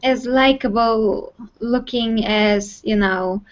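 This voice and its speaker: A woman co-hosting a casual movie chat, often pausing to search for words with many fillers. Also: on the high side, dull audio. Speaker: co-host.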